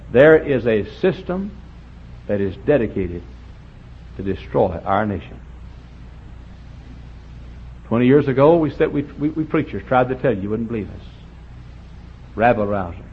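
A man preaching a fiery revival sermon, swinging from shouts to low quiet lines. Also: animated, normal speed, long pauses, slightly rough. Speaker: pastor. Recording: dull lo-fi with faint hiss.

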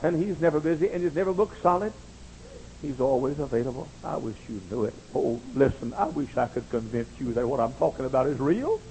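A male pastor preaching a fervent sermon, swinging between hushed, intimate passages and ringing calls. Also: mid-range voice, lively intonation, a little fast, slight background noise, rough recording.

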